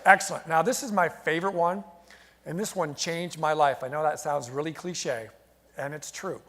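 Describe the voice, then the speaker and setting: A man delivers a motivational keynote on stage, with a fairly high and energetic voice. He tells stories and calls on the crowd to answer back. His voice rings out with the long reverb of a large event hall. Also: normal speed. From United States. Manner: energetic, storytelling, engages the crowd with call-and-response. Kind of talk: live motivational keynote to an audience. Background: audience responding and laughing.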